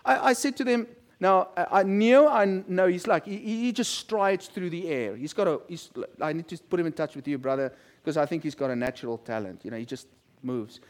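A middle-aged male pastor delivers a sermon as a conversational story, acting out quotes from the people he describes. His voice sits high and moves fairly quickly.

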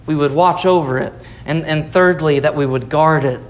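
A man's voice: fairly high pitch, normal speed. A man preaching a Sunday sermon, explaining scripture patiently and repeating key phrases for emphasis. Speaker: pastor.

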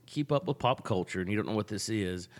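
In a large hall, a man with an Alabama Southern accent co-hosts a casual podcast, rambling chattily through his stories. His voice is lowish and animated, and he talks fast.

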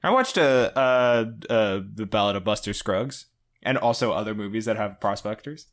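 A man's voice: fairly low pitch, moderate pace. A man in a casual podcast chat, making dry, offhand asides.

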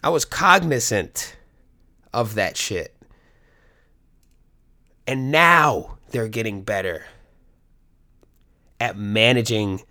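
A man's voice: lowish voice, slow pace, pauses often, bright, forceful tone. A middle-aged man, a coach, talking candidly to his viewers in a rambling, profane, joking way. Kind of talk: casual monologue to viewers.

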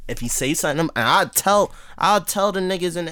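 A man's voice: sits high, brisk, no echo, studio quality. A man co-hosting a casual podcast, trading jokes and banter with friends. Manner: joking banter, lively. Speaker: podcast co-host. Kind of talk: casual chat.

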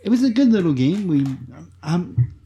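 A man with a Southern US accent, a guest in a casual podcast chat, speaking haltingly with many fillers. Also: high-pitched, sing-song, warm tone.

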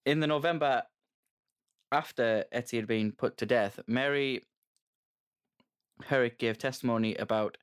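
A man co-hosting a casual chat, reading out history in an even, steady manner. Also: mid-range voice, a little slow, pauses often, clean tone. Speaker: podcast co-host.

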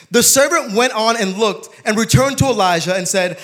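A young man preaching a sermon, telling stories with humor and turning soft and emotional. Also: very high voice, fairly quick, hardly any pauses.

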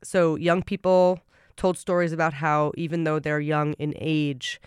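A man's voice: on the high side, flat delivery, a little slow, smooth, no echo, clean studio sound. A man hosting a storytelling program, introducing the next speaker in a chatty way with fillers. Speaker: host.

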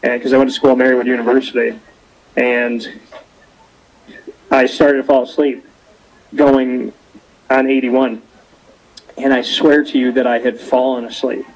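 A young man hosting a casual interview show, telling stories with animated quoting. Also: mid-range voice, a little slow, long pauses, rough recording. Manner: lively storyteller, animated quoting. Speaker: show host. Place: cold rink-side spot, outdoors or arena.

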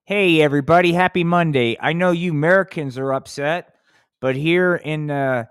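A man voicing an overexcited male North Korean state announcer, proclaiming loudly to the people. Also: fairly high pitch, moderate pace, clear, resonant tone, no echo, clean studio sound, pitched above the performer's own voice, natural voice.

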